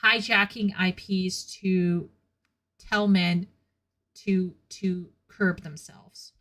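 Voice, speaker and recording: A woman's voice: on the low side, fairly even intonation, drawn-out words, a bit bright. A woman streaming and chatting casually with her viewers, blunt and candid, often laughing at her own remarks. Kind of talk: casual chat with a live chat.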